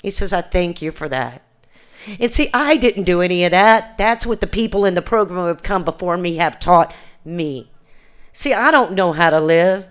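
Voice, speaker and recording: A woman's voice: fairly low pitch, moderate pace, clear, resonant tone. An older woman giving earnest, plain-spoken personal testimony at a recovery reunion, often restarting her sentences and quoting conversations. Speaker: recovery speaker.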